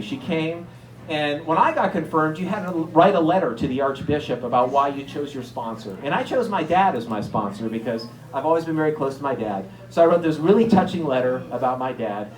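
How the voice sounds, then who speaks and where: Self-deprecating stand-up comic, echoey room. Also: male voice, a little high. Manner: self-deprecating, conversational storytelling. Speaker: stand-up comedian. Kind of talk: stand-up routine.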